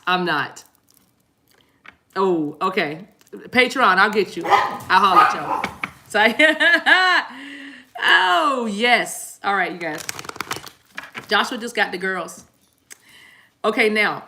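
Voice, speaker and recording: A woman's voice: medium pitch, lively intonation, takes it slowly, long pauses, bright, forceful tone, slight background noise. A woman doing a casual spiritual card reading who talks in a chatty way, laughs often and repeats herself. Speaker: tarot card reader.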